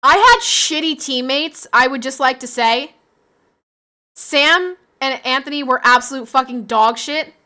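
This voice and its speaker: A young woman hosting a casual stream, her voice bright and on the higher side. She talks bluntly and crudely, laughing between remarks. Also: lively intonation, a little slow. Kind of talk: casual chat.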